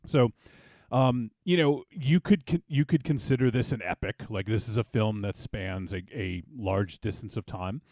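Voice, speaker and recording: Low-voiced man asking the panel. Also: moderate pace, darkish tone, no echo, clean studio sound. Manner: casual, asks the group questions. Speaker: podcast host. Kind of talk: casual podcast film chat.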